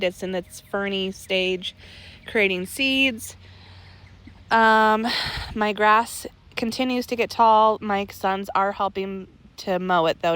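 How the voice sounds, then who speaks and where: A woman's voice: mid-range voice, smooth. A heavily pregnant woman in her thirties, short of breath, chatting casually about her garden while seated outdoors. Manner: relaxed, chatty, laughs lightly. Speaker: garden vlogger. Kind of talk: casual garden update chat. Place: backyard garden, outdoors, seated in a lounge chair.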